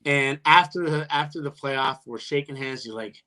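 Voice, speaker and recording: A man's voice: fairly even intonation, unhurried, bright, forceful tone. A man, a retired hockey player, telling profane stories in a casual podcast chat, laughing and restarting often. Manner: jumps much higher when quoting his own taunts.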